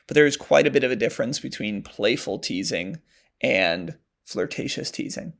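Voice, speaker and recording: A man's voice: mid-range voice, lively intonation, moderate pace, gravelly. A man giving dating advice in a casual, conversational monologue, with frequent fillers like "um" and "like". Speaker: dating coach. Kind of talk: advice monologue answering a question.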